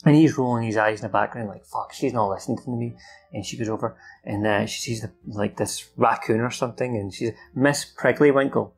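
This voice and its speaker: A man's voice: fairly low pitch, fairly even intonation, fairly quick, vocal fry, music in the background. A man recalling a film from memory in a loose, rambling way, with many fillers, restarts and some swearing. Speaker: film recap host. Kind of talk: casual off-the-cuff recap.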